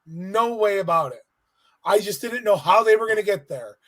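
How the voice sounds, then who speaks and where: Man, high-pitched voice, casual podcast chat, lively and profane telling. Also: moderate pace. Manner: animated storytelling, swears freely. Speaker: podcast co-host. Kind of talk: casual chat recapping a wrestling event.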